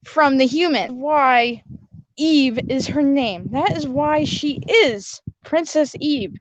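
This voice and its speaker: Slow, high-voiced woman host explaining. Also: no echo. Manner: patient, then scolding and corrective. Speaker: host presenting her kindness platform. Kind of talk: casual skit and explanation.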